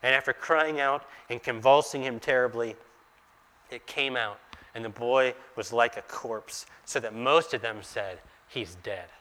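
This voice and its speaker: A man's voice: mid-range voice, steady tone, a little slow, pushed and bright. A man preaching a sermon, acting out the scripture's dialogue with rising intensity and sometimes dropping to a near whisper.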